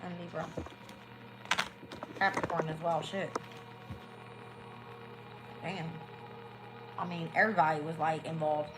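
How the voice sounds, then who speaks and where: A woman's voice: sits low, steady tone, slow pace, long pauses, noisy background. A woman giving a casual live-stream tarot reading, talking bluntly and swearing freely. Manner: blunt, profane, candid. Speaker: tarot reader.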